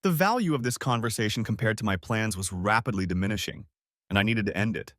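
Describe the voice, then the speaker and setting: A man narrating a first-person story in a measured, brooding tone. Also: lowish voice, a bit bright, no room sound, clean studio sound.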